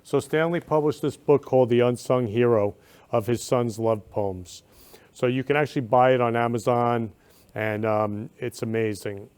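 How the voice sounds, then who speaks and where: A man's voice: medium pitch, normal speed, darkish tone, clean tone. A man hosting a talk show, effusive and emotional, often repeating words of love. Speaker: host.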